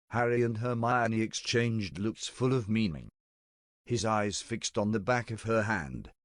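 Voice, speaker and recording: A man narrating a storybook-style tale in a steady, deadpan reading voice, close to the mic. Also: on the low side, dry recording.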